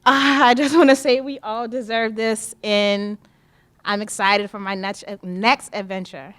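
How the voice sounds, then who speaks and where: A woman's voice: mid-range voice, level tone, a little slow, a bit bright. A woman graduate giving brief commencement remarks in a casual way, with fillers. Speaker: graduating student. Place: college commencement stage.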